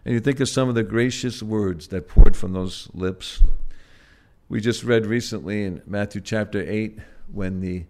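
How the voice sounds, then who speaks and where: A man preaching a sermon in a gentle, halting way, pausing often and swelling loud on key words before dropping soft again. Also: on the low side. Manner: gentle, halting, with frequent "uh" and restarts.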